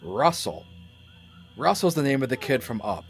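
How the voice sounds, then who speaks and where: A man, narrating a tabletop game as game master in a casual, halting way with many restarts. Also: medium pitch, big pitch swings, faint music behind.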